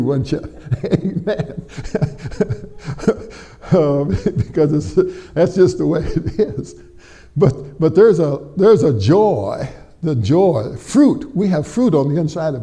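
A middle-aged man preaching a sermon to a church congregation, folksy and chatty, peppering his talk with amens and questions to the people. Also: on the high side. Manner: folksy, warm storytelling with frequent amens and tag questions to the congregation. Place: church before a live congregation.

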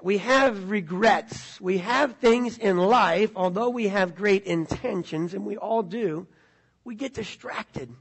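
A middle-aged man, preaching a conversational sermon and asking the congregation questions. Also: high-pitched. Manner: conversational, repeats words, asks the audience questions. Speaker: pastor.

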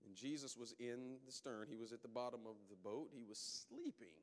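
A man's voice: mid-range voice, brisk, darkish tone, in a large hall. A man preaching a sermon in a conversational, emphatic way, calling out to his congregation.

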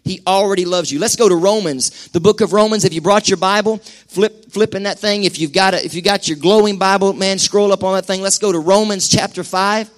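A middle-aged man preaches in a church sanctuary, his voice sitting high for a man. He talks with animated energy and slips into quick acted-out asides. Sermon delivery to a congregation. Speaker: pastor.

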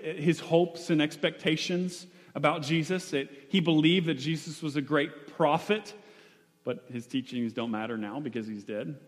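A male preacher delivering a sermon in a loose, conversational way, often pausing and restarting. His voice sits a bit higher than most men's, and a long reverb tail trails every phrase in a church hall. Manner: conversational, with frequent fillers and restarts.

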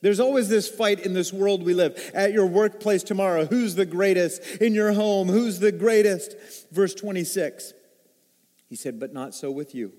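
A man preaching a sermon as pastor, swinging between loud emphasis and hushed, low asides. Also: normal speed. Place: church sanctuary. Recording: long hall reverb.

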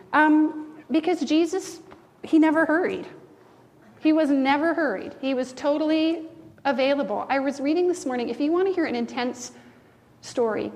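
A woman in her thirties co-hosting a faith talk show, telling stories in a lively way and acting out the people she quotes. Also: sits high. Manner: animated, acts out quoted voices. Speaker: co-host. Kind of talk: faith-based conversational storytelling. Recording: long reverb.

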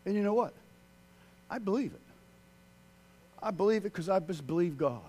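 A man preaching a sermon, swinging from loud, excited outbursts to hushed, quiet passages. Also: high voice, normal speed.

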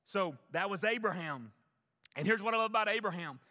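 A pastor preaches to his congregation in a church sanctuary, driving home key phrases through repetition. His high-pitched voice is expressive, pushed, and bright, moving a little fast. The sound carries a long church reverb.

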